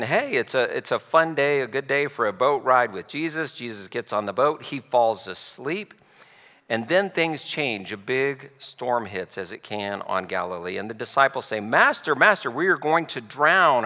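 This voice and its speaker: Bright-voiced male pastor in a reverberant hall. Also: medium pitch. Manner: conversational, explanatory storytelling with pauses. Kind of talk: sermon.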